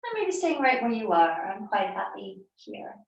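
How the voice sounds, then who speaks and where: A woman yoga teacher giving slow, soothing, unhurried cues in a live class. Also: medium pitch, big pitch swings, creaky, lo-fi sound, a little hiss or hum. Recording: echoey room, mic far off.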